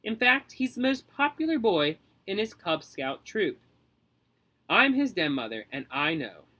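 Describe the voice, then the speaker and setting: A man voicing a brisk, no-nonsense neighbor woman who talks firmly. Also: high voice, big pitch swings, sharp tone, pitched above the performer's own voice, full character voice. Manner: brisk, firm.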